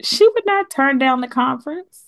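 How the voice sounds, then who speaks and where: Brief: woman, very lively melodic voice, animated storyteller on a podcast. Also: high-pitched, moderate pace. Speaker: podcast host. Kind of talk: casual chat.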